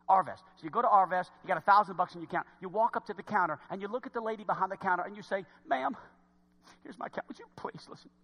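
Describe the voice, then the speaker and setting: A man preaching a sermon in church, swinging from quiet asides to loud exhortation. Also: sits high, fairly even intonation, racing, few pauses, long reverb tail.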